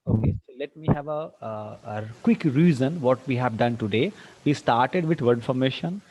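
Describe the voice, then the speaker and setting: A man teaching an online tutorial, firing quick questions at students and slipping into Hindi. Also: mid-range voice, expressive, a little mellow. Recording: dull lo-fi dry sound.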